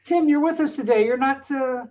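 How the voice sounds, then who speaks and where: A man hosting a live video chat with friends, chatty and animated, sometimes breaking into loud quoted voices. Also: very high-pitched, normal speed, a little hiss or hum. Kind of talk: casual group chat. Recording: dull lo-fi sound.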